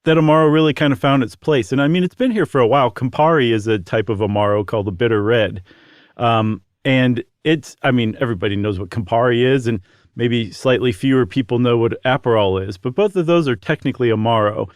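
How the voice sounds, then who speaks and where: A man's voice: medium pitch, a little fast, clean tone, no room sound, clean studio sound. A man co-hosting a podcast, chatting casually and explaining things with lots of fillers. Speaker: podcast co-host.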